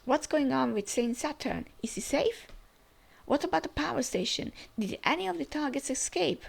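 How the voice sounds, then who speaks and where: A woman's voice: sits high, expressive, vocal fry, pitched above the performer's own voice, heavily acted. A woman reading the lines of a stern male admiral, firing off urgent questions. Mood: demanding. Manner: urgent, rapid-fire questioning. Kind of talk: reading manga dialogue aloud.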